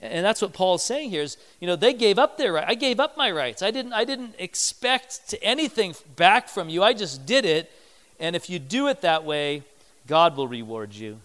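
A man's voice: high voice, expressive, moderate pace, fairly bright tone, big-room sound. A man preaching a sermon in a church, talking conversationally and acting out little quoted scenes. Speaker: pastor.

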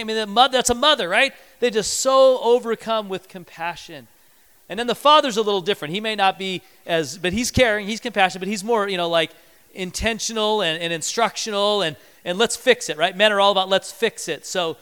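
A man delivers a sermon in a church, his voice high and smooth. He talks to the congregation conversationally and slips into short acted-out quotes. The sound carries a long hall reverb. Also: brisk, fairly bright tone. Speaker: pastor.

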